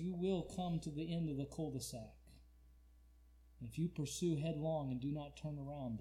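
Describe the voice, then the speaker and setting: A man preaches a sermon. He drops to near whispers and then builds to loud, shouted cries, stretching his pleading lines slowly. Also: a little high.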